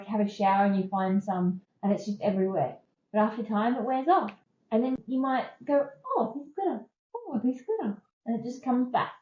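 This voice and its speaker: A woman's voice: medium pitch, reverberant, dull audio. A woman in her thirties with an Australian accent, hosting a podcast and candidly telling personal stories in a conversational, emphatic way. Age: 30s. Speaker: podcast host. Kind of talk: personal storytelling.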